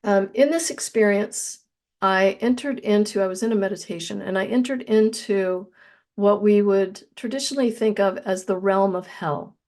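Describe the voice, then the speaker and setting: A woman guest in an interview, telling a personal spiritual story in an earnest, reflective way and slowing down on key phrases. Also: medium pitch, darkish tone.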